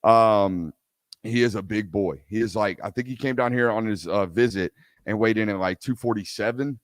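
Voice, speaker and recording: A man's voice: on the low side, moderate pace, no room sound, studio quality. A man hosting a live sports talk show, ranting emphatically and repeating himself for effect before taking audience questions. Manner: animated ranting, emphatic repetition.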